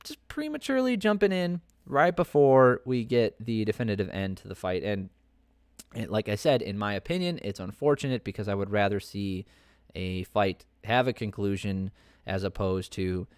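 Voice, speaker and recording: Opinionated man with a low voice. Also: animated, normal speed, clear, resonant tone, dry recording, clean studio sound. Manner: opinionated, rambling with many fillers and restarts. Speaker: podcast host. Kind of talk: casual commentary on fights.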